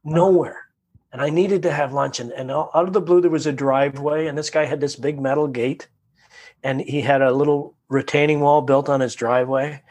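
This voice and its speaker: A man telling a personal story in conversation, animated and acting out his own inner voice. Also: fairly high pitch, normal speed.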